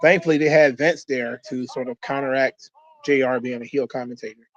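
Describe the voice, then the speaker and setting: A man's voice: medium pitch, steady tone, a little fast, dry recording, muffled recording. A man hosting a wrestling watch-along, talking in a loose, rambling way with frequent swearing. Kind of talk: casual commentary.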